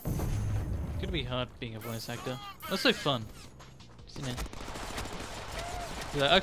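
A man's voice: mid-range voice, animated, unhurried, pauses often. Rambling young man playing a shooter. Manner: rambling, laughing, swearing. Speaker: gameplay commentator. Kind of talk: casual gameplay commentary. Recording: gunfire and game noise behind.

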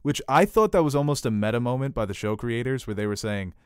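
Man hosting a lively TV chat. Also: mid-range voice, fast, smooth, no room sound, clean studio sound. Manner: animated, acts out quotes. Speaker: podcast host. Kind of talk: casual TV discussion.

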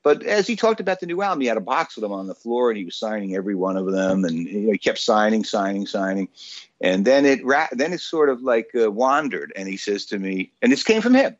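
A man's voice: fairly low pitch, brisk, no echo, lo-fi sound. A man in his sixties, a radio show guest, telling an anecdote in a casual way with lots of fillers. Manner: animated storyteller with frequent fillers. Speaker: guest, author.

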